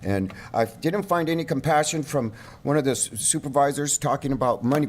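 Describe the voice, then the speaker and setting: A middle-aged man giving an emotional public comment at a county board meeting, his voice rising toward shouting at its peaks, speaking at a podium microphone. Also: mid-range voice, a little fast, hardly any pauses. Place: council chamber.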